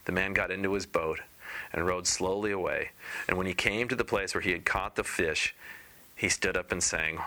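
Bright-voiced man reading a fairy tale. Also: sits low, fairly even intonation, moderate pace. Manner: informal asides and skipping parts. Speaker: storyteller. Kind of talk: casual fairy-tale read-aloud.

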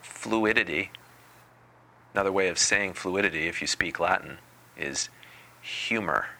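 Slow, low-voiced meditation teacher. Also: male voice, vocal fry. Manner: unhurried, deliberate, gently playful. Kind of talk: spiritual talk.

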